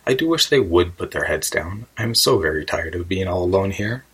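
A man's voice: sits low, lively intonation, brisk, a bit bright, breathy edge, full character voice, low-quality recording. A man voicing a curious, puzzled young girl who frets and wonders aloud in an audiobook reading. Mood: fretful. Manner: wondering, fretful musing aloud.

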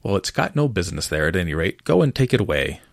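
A man's voice: low-pitched, sing-song, fast talker, creaky, no echo, studio quality, heavily acted. A man voicing a fussy, bossy male rabbit who snaps out scolding orders in a storybook reading. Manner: snappish, scolding.

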